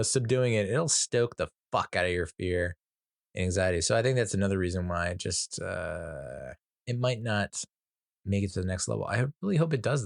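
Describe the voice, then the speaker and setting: A man's voice: on the low side, gravelly, no echo, studio quality. A man hosting a podcast, casually reviewing a film in a rambling, profane way with many fillers and restarts and chuckling at his own jokes. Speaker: movie reviewer, podcast host. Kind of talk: casual movie review chat.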